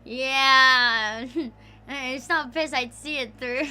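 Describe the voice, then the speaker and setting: A woman's voice: high-pitched, measured pace, pushed and bright, slight background noise. A woman streamer in casual livestream chat, rambling, swearing a lot and breaking into giggles.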